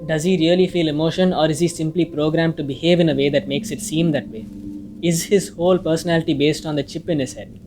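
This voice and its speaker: A man's voice: on the high side, steady tone, quick pace, a little mellow. A man reading a casual, opinionated film review, now and then swearing mildly. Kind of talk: scripted review narration. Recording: music playing faintly behind.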